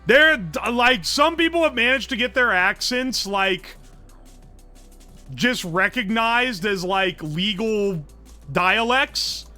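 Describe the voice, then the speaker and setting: Faint music sits under a high-pitched man with an Appalachian accent who takes his time on a casual live stream. He jokes with animation, voicing his chat's messages and replying to them.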